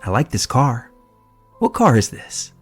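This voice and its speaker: A man's voice: medium pitch, wildly swooping pitch, measured pace, slightly rough, soft background music, heavily acted. Man voicing a creepy cutesy country woman.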